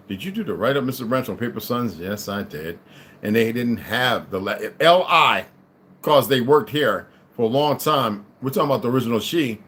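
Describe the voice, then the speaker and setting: Rambling, animated man livestreaming. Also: mid-range voice. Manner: rambling, animated, swings between muttering and loud outbursts. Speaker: livestream host reading and commenting. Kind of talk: casual livestream talk with reading aloud.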